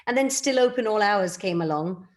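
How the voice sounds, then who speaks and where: Chatty animated actress, laughing often. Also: female voice, medium pitch, normal speed. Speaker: actress, guest. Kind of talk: casual interview chat.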